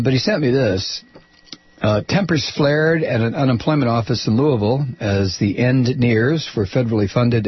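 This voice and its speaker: A man hosting political talk radio, ranting with mocking, angry insults, his voice rough and husky. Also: medium pitch, no room sound. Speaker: radio talk show host. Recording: dull lo-fi radio audio.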